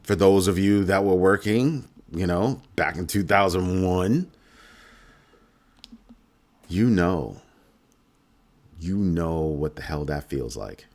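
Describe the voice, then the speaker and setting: A man's voice: low-pitched, expressive, slow pace, long pauses, a little mellow. A middle-aged man hosting a finance channel, delivering a heated, sarcastic rant with strong emphasis. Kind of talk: ranting monologue.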